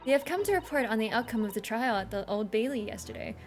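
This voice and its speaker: A woman's voice: a little high, animated, fast talker, soft background music. A woman reading a polite young legal assistant. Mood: polite earnest. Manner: courteous, proper, earnest.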